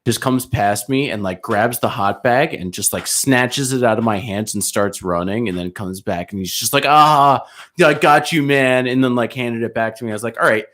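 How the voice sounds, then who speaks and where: A young man co-hosting a casual podcast chat, telling lively stories with acted-out quotes and frequent laughs. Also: lowish voice, normal speed, few pauses. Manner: animated, acts out quotes, laughs often. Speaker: podcast co-host.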